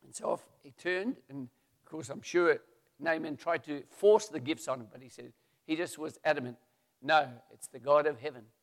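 A man retelling a Bible story as a preacher, lively and acting out the voices. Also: fairly high pitch, normal speed, long reverb tail.

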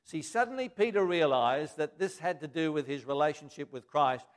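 A man's voice: a little high, moderate pace. A man preaching a sermon, reading scripture aloud and then explaining it in plain everyday words.

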